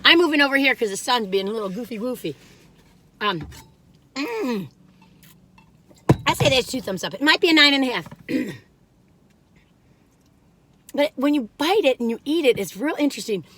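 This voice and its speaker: An older woman hosting a casual cookie taste-test vlog, rambling in a folksy way and breaking into excited laughs and squeals. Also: sits high, moderate pace, long pauses. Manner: folksy, rambling, warm-hearted chatter with "you all". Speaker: food vlogger.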